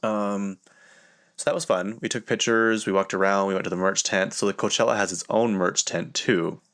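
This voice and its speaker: A young man with a low voice tells a loose, chatty story for his podcast. He keeps stopping mid-sentence and circling back, with plenty of "like" along the way. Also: steady tone, moderate pace, fairly bright tone. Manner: rambling, filler-heavy, self-interrupting. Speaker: podcast host. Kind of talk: casual storytelling monologue.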